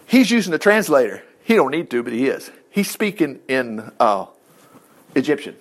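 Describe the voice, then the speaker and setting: A man reading a Bible story aloud and breaking in with folksy, animated commentary to his listeners. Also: mid-range voice, moderate pace. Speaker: Bible teacher.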